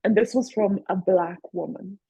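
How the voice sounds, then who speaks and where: A woman with a Kenyan-Irish lilt and a husky, breathy voice hosts a frank conversation, spinning anecdotes with frequent laughter. The sound is dry and close, and the recording is a little dull and lo-fi. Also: mid-range voice, normal speed, mellow, no echo. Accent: mixed Kenyan and Irish. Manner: storytelling, laughs often between points. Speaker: host. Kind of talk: candid conversation.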